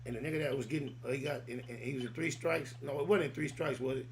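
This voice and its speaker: A man hosting a podcast talks fast in a mid-range, creaky voice, with slight background noise. It's a casual chat where he tells stories in a loose, rambling way, full of street slang.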